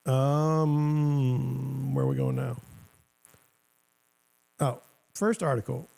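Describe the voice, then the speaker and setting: Middle-aged male host, gravelly, dark tone, rambling sarcastic commentary. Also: medium pitch, very slow. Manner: rambling, sarcastic, self-interrupting. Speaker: show host. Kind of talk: casual commentary.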